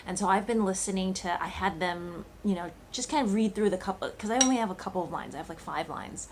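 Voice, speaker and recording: A woman chats straight to camera in a loose vlog style, circling back on her thoughts with frequent fillers and false starts. Her pitch sits in an ordinary middle range, with a faint hiss of background noise beneath. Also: fast. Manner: chatty, thinking aloud with many fillers and restarts. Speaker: cooking channel host. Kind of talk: casual vlog chat.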